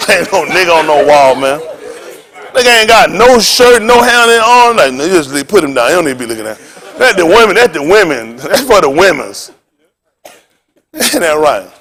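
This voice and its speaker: A man preaching as pastor in a joking, rambling sermon, animated and laughing often with loud exclamations. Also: on the high side, moderate pace.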